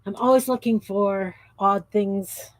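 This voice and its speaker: Slow-talking, rambling woman in her fifties. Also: mid-range voice, steady tone, noisy background. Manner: rambling, chatty, easily sidetracked. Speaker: craft livestream host. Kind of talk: casual chat while crafting.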